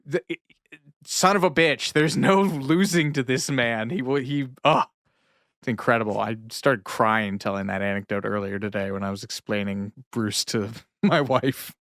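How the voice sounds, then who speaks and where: A man co-hosting a podcast, with a smooth, resonant voice and a relaxed, enthusiastic manner. He chuckles as he tells his stories. The recording is dry and close. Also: medium pitch, normal speed, no room sound. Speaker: podcast co-host. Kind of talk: casual chat.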